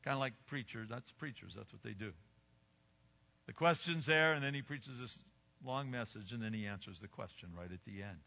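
Bright-voiced older man preaching in a hall. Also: mid-range voice, moderate pace, gravelly. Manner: emphatic, swinging between loud exclamations and quiet asides. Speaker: pastor. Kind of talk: sermon. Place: church sanctuary. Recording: dull recording with long hall reverb.

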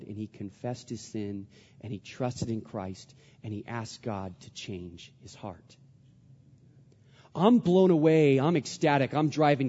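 A man in his thirties, a pastor preaching a sermon, animated and then hushed as he tells a story. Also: mid-range voice. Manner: animated preaching, drops to a hush for stories. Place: church hall. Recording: dull sound with long hall reverb.

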